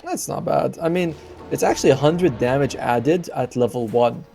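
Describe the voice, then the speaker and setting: A man giving casual color commentary and analysis on an esports match. He talks in a chatty way, thinking out loud with fillers and quick exclamations. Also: medium pitch, gravelly, a little hiss or hum.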